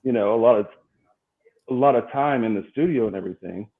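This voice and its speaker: A man's voice: medium pitch, fast talker. A man from a band reflecting earnestly, in a rambling way, on the early days with their producer. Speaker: band member, guest. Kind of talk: casual chat. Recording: thin phone-like line.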